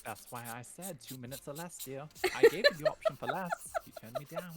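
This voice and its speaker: A man's voice: medium pitch, huge pitch swings, very fast. A man putting on an exaggerated, posh British accent over a voice call. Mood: playful.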